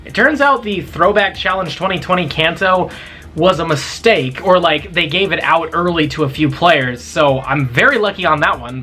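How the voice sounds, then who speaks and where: A young man vlogging his mobile game hunt in a chatty, excitable way, talking straight to his viewers. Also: a little high. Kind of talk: casual gameplay vlog.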